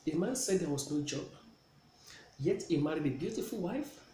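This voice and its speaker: Man, a bit high-pitched and mellow, teaching pronunciation in a roomy, echoey space. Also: animated, moderate pace. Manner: checks in often with "okay?". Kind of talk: classroom pronunciation lesson. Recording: echoey room with faint noise.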